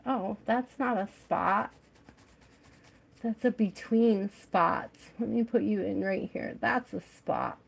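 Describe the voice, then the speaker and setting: Slow and fairly even in intonation, this American woman's medium-pitched voice has vocal fry and a slightly rough texture. She hosts a casual tarot livestream, chatting with viewers, reading out their names, and laughing frequently.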